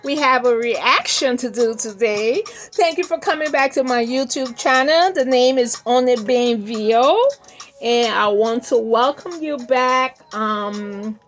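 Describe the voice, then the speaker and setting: A woman's voice: a little high, slow pace. A woman hosting a reaction channel, talking casually and indignantly scolding, with rhetorical questions. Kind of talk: casual commentary.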